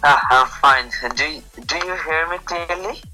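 A man's voice: on the high side, unhurried, sharp tone, poor audio. A man from Bangladesh, a police officer, talking as a guest over an internet call with many hesitations. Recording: compressed online call with faint music.

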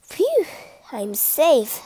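A woman doing a squeaky greedy rat. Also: expressive, darkish tone, no room sound. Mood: relieved. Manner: squeaky, high and fast-panicking. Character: small greedy female rat, nervous and squeaky.

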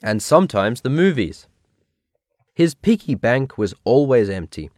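A man reads a children's picture book aloud at an unhurried pace. His delivery is lively and expressive, and the recording is close and dry. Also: medium pitch, no echo. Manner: slow, clear, expressive reading. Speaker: narrator. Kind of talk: children's storybook reading.

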